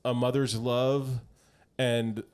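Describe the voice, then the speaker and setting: Podcast co-host, man, mid-pitch, animated movie recap, casual. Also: takes it slowly, clear, resonant tone. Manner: animated retelling of movie scenes. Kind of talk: casual chat.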